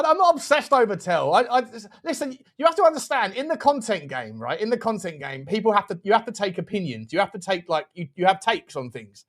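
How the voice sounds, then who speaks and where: A man who hosts a fan channel runs a live football watchalong, chatting over the match in an animated, excitable way and quick to laugh and swear. His voice is high-pitched.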